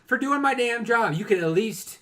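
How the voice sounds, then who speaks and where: A young man co-hosting a casual podcast, ranting and telling stories in an animated way that swings from low mutters to loud bursts. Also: moderate pace, crowd noise. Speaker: podcast co-host. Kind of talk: casual chat.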